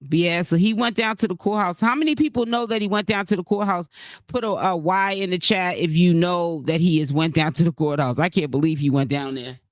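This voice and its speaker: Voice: medium pitch, brisk, no room sound. A YouTube host giving casual live-stream commentary, rambling with fillers and restarts and greeting viewers from the chat between points.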